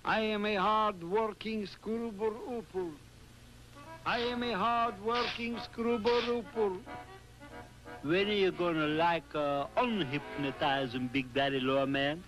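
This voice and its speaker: A man's voice: high voice, slow pace, music in the background, rough recording. An actor voicing a jive-talking beatnik male duck in a cartoon, laid-back and full of hip slang. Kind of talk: 1960s TV cartoon voice acting.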